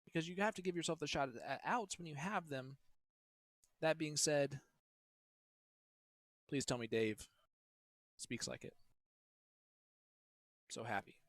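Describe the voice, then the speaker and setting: A man's voice: fairly high pitch, unhurried, pauses often, a bit bright, dry recording. A man commentating a live darts match, talking in a chatty, joking way and teasing his co-host.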